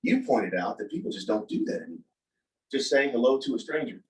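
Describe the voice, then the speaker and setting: A man telling a personal story in a casual talk, animated and acting out the voices of the people he quotes. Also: medium pitch, a little fast. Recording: voice from a distance from the mic.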